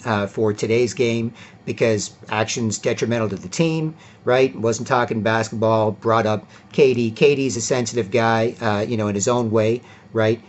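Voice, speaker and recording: A man's voice: mid-range voice, highs cut off. A man ranting in a casual, profane, rambling commentary vlog. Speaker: vlogger and commentator.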